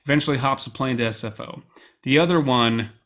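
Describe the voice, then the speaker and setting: Casting: us man, podcast co-host, animated film recap, middle pitch. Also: a little fast. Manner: animated storyteller, quotes lines in put-on voices. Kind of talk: casual chat, film recap.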